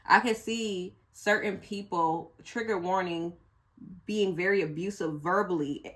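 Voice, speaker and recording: A woman's voice: lowish voice, measured pace, fairly bright tone. A woman reading tarot cards for viewers in a casual, emotional way, cursing freely as she goes. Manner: blunt, emotional, curses freely. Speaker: tarot reader.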